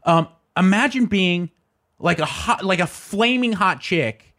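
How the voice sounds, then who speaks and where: Man, podcast co-host, crude, boisterous, animated pitch. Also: unhurried. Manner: crude, boisterous, laughs often. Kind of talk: casual chat.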